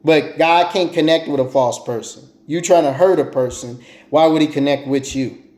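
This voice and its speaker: Preachy high-voiced man in an echoey room. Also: moderate pace, a little mellow. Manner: repetitive, preachy, stammering restarts. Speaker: vlogger. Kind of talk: casual monologue to viewers.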